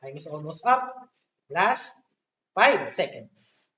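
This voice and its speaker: Slow, patient Filipino woman teaching math. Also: sits low, sing-song, fairly bright tone. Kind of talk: live online math lesson. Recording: echoey room, distant dull mic.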